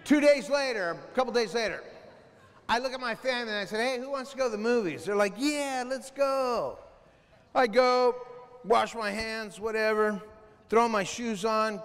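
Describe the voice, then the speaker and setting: A man speaking to a school assembly, telling animated stories, acting out scenes and yelling as he mimics himself and his son. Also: high voice, big-room sound. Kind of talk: animated motivational storytelling. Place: school auditorium.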